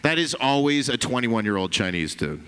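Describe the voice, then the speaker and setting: A man's voice: medium pitch, big pitch swings, moderate pace, a bit bright, clear, resonant tone, in a large hall. A man doing a stand-up set, brash and profane, teasing people in the crowd. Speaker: stand-up comedian. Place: comedy club stage.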